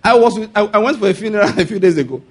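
High-voiced husky Nigerian preacher. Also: male voice, very fast. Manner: animated, laughs often, keeps checking the congregation follows. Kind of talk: sermon.

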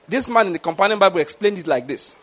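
A man preaching a sermon, animated, often checking that listeners follow his point. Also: sits high, quick pace. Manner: animated, keeps asking "do you get my point?".

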